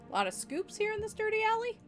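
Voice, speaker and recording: A woman's voice: extremely high pitch, sing-song, fast, soft background music, voice pushed up. A woman voicing a young vampire woman who plays dumb with gushing, airheaded talk.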